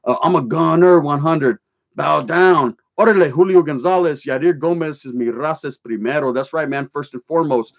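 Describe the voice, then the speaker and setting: A man's voice: a little high, moderate pace. A middle-aged man, hosting a livestream. He reads chat comments aloud and tells his own stories bluntly, in swearing street slang mixed with Spanish words. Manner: blunt, storytelling, joking then serious. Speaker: livestream host.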